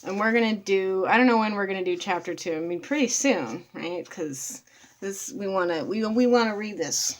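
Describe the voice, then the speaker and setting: A woman's voice: medium pitch, moderate pace, slight background noise. Blunt swearing woman vlogger. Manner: blunt, swears freely, addresses viewers as y'all. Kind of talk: casual talk to camera.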